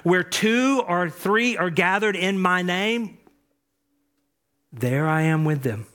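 A man preaching a sermon as pastor, repeating key phrases and swinging between soft asides and loud emphatic lines. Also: high-pitched, animated, takes it slowly.

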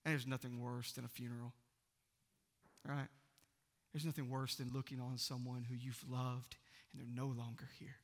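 A man, preaching a sermon in a church and swinging from loud proclaiming to hushed near-whispers. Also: mid-range voice, level tone, moderate pace, pauses often, long reverb tail. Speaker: pastor.

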